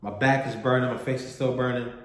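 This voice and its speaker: A man tells a personal story straight to the camera in a candid, loose, profane way, circling back and repeating words as he goes. His voice sits at an ordinary mid pitch. The room around him gives a noticeable echo. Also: fairly even intonation, fairly quick, fairly bright tone. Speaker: vlogger telling a personal story. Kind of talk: casual storytelling monologue.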